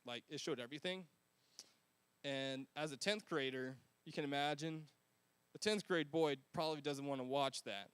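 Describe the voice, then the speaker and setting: Relaxed, slangy preacher with a high-pitched male voice, dry recording. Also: moderate pace, smooth, no room sound. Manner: casual, conversational, slangy. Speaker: pastor. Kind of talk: sermon.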